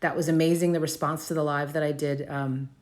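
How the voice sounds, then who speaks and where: A woman's voice: low voice, level tone, fairly quick, a little mellow. A woman in her fifties hosting a live video, talking off the cuff in a casual, riffing way and repeating phrases for emphasis. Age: 50s. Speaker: host of a live video for business owners. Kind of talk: off-the-cuff live stream talk.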